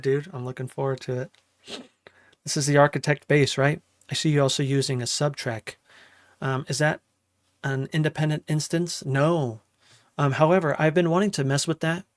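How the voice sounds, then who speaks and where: Young male producer, loose chatty streamer, middle pitch, dry voice. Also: dry recording. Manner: chatty and loose, thinks aloud while working. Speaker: music producer streaming a live session. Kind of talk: casual livestream chat.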